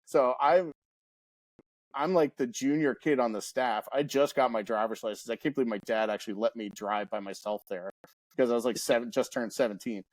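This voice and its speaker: A man's voice: medium pitch, a little fast, dry recording. A man in his forties, guest-hosting a casual podcast, telling stories with laughs and frequent restarts. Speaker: guest host.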